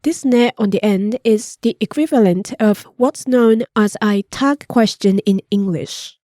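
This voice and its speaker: A woman's voice: mid-range voice, unhurried, warm tone, no room sound, studio quality. A woman co-hosting a scripted language lesson, patiently explaining grammar and modeling pronunciation. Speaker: native-speaker co-host teaching Japanese.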